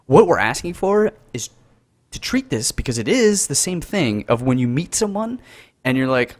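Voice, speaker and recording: A North American man co-hosts a casual podcast over a call, speaking earnestly in rambling stretches with many restarts. His voice is medium-pitched with big swings in pitch, at a normal speed, and it's captured as a call recording.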